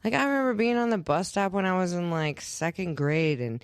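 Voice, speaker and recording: A woman's voice: fairly quick, smooth, no echo, studio quality. A woman co-hosting a casual chat, playful and jokey, telling stories with big swings in her voice. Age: adult with a child. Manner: playful, jokey storyteller with lively swings in pitch. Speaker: podcast co-host.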